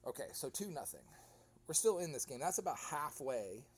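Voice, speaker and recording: A man's voice: a little high, normal speed, husky. A man, a goalkeeper animatedly recapping his own soccer match in casual commentary. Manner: animated storytelling, acts out other players.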